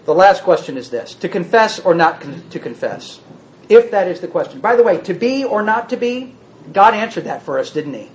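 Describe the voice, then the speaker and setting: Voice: mid-range voice, big pitch swings, moderate pace. Preacher in a roomy hall, dull sound. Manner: asks the listeners many rhetorical questions; plays with word meanings in a teacherly way. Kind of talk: sermon teaching on a psalm.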